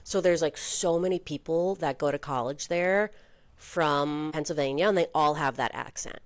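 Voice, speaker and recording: A young woman with a low voice co-hosts a casual chat podcast. She talks breezily and fills her sentences with "like". The sound is dry and close, with no room behind it. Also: dry recording. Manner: chatty, heavy use of "like", quick asides. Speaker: podcast co-host.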